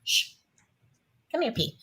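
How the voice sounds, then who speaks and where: A woman's voice: slow, sharp tone. A woman hosting a casual livestream chat, gushing and exclamatory.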